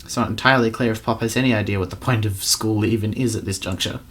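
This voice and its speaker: A man's voice: lowish voice, quick pace. A man playing a dating game, reading its narration aloud and joking about the voices he puts on. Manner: animated, jokey, jumps between voices. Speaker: streamer.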